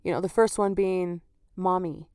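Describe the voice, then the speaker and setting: On her casual solo podcast, a woman host chats candidly and laughs a lot, filling her talk with "like" and "you know." Her mid-range voice is a bit mellow and sounds worn, not at full strength, though she stays animated at a normal speed. There's no echo on the recording.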